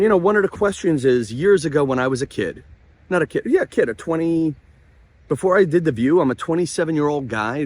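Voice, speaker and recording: A man hosting his vlog outdoors near the ocean, telling a story in a rambling, excitable way full of restarts and asides. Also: mid-range voice. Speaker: comedian and vlog host.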